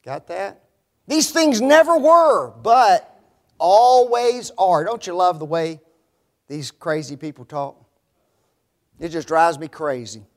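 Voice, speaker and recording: A man's voice: on the high side, takes it slowly, long pauses, darkish tone. A man preaching a sermon, emphatic and sarcastic, putting rhetorical questions to his listeners. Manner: emphatic, rhetorical questions to the audience, mocking quoted phrases.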